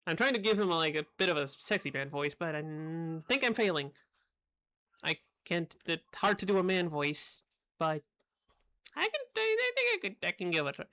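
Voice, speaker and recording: A woman's voice: fairly low pitch, sing-song, moderate pace, a bit bright. Wry woman streamer with a bouncy voice. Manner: wry, sarcastic asides. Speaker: game streamer. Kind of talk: live gameplay commentary.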